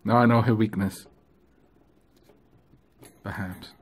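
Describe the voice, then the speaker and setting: A man filming a casual vlog of his pet ferrets, cooing to them in gentle baby talk. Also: on the low side, fairly even intonation, slow, husky. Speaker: vlogger.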